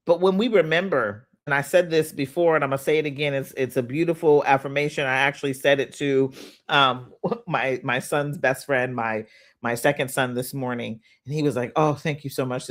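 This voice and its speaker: A middle-aged woman, giving a motivational talk on a phone livestream, emotional and quick to laugh. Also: very deep voice. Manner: laughs often, preachy, emotional. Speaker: inspirational speaker.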